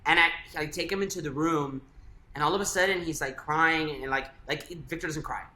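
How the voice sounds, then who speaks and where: A man's voice: on the high side, a little fast, pushed and bright. A young adult man telling a personal story in casual chat, filling his speech with "like". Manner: chatty, many fillers like "like". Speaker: guest. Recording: echoey room, faint ambient noise.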